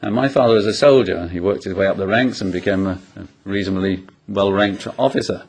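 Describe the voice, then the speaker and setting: Low-pitched and brisk, a man delivers an expository sermon. He poses rhetorical questions to the congregation and illustrates his points with anecdotes from his own life.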